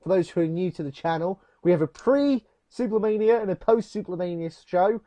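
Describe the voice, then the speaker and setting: A man's voice: sits high, a little fast, mellow. A man co-hosting a casual chat show, dry and steering the talk back to the agenda. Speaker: podcast co-host.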